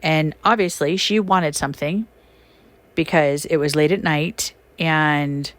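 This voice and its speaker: A woman hosting a podcast, telling stories in a casual, chatty monologue with many fillers and sudden emphatic rises in pitch. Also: slow pace. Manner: animated, emphatic, swings her pitch up when excited. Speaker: podcast host and shaman.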